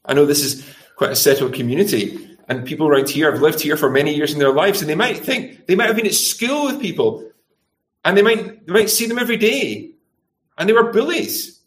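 A middle-aged man preaches in a slightly high, expressive voice, moving fairly quickly. He peppers the congregation with rhetorical tag questions and brings quoted speech to life through shifting voices.

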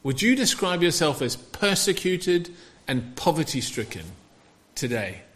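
Animated male preacher, lively pitch. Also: a little slow. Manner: animated, rhetorical questions to the congregation. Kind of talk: sermon.

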